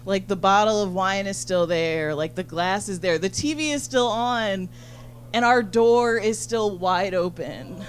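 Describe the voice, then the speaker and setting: A woman doing stand-up into a handheld stage mic, talking fast and loose. She swears freely and fills her lines with "like". Her pitch sits in the middle, and a faint hiss runs under the recording. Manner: rapid, chatty, full of "like" and profanity. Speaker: stand-up comedian. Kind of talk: stand-up comedy set. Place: comedy venue.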